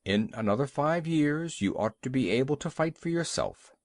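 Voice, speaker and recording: A man's voice: mid-range voice, animated, moderate pace, dry recording, studio quality, lightly acted. A man voicing a stern, practical old father seal in a storybook reading, lecturing firmly. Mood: advising.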